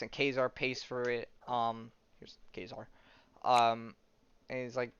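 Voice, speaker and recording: A man's voice: mid-range voice, fairly bright tone, smooth, dry recording. A man hosting a podcast, casually recapping a comic in a rambling way and laughing at his own jokes. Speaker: podcast host. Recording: dull lo-fi sound.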